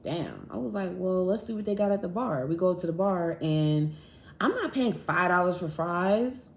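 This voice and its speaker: A woman's voice: lowish voice, normal speed, slight background noise. A young woman tells a story on her podcast, loose and profane, acting out each side of a quarrel. The sound is roomy and echoey. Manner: animated, profane, acts out both sides of arguments. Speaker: podcast host. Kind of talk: casual storytelling monologue. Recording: echoey room.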